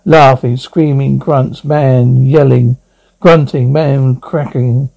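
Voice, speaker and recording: A man's voice: mid-range voice, fairly even intonation, slow pace, creaky, dark tone, poor audio. A man reading out sound descriptions in a plain, matter-of-fact way as narrator. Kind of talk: flat read-out of sound descriptions.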